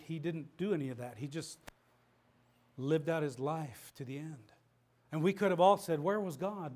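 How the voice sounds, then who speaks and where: A middle-aged male pastor preaching with a fairly high, lifting voice. He is impassioned, stumbling and restarting his phrases as he presses his point. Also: a little mellow. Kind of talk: sermon.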